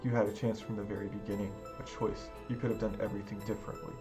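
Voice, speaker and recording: A man voicing a calm mysterious pioneer. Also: lowish voice, fast, music in the background, close to an everyday voice. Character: mysterious calm young male pioneer, quietly mocking.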